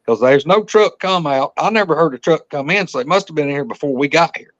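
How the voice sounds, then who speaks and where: A man's voice: fairly high pitch, quick pace, lo-fi sound. A man telling a hunting story as a podcast guest, folksy and rambling, often restarting his sentences. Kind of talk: casual storytelling.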